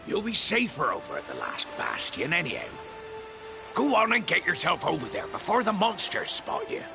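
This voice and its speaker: An actor voicing a folksy, kindly old fisherman in a video game, with a gravelly, rustic way of speaking. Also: a little high, exaggerated voice. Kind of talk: game voice acting. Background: game music.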